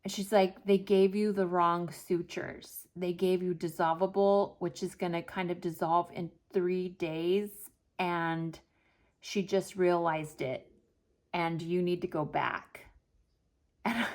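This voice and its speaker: A woman with a slightly low voice tells a winding personal story to camera. She talks casually and acts out what each person said. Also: slow. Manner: animated, retells with quoted dialogue. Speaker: planner vlogger. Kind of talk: chatty storytelling vlog.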